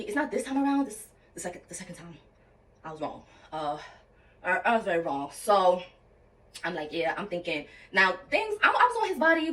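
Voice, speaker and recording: A young woman spins a personal story straight to her viewers, swinging her voice up and down and slipping into quoted dialogue. She sits a little back from the mic, so her voice sounds slightly distant. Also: medium pitch. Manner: animated, addresses viewers as y'all, quotes people in dialogue. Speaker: storytime vlogger. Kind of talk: casual storytelling to camera.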